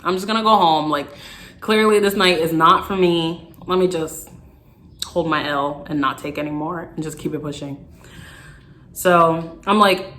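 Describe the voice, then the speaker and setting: A young woman vlogger, telling a storytime in an animated, exasperated way. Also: on the low side, normal speed. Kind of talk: storytime vlog.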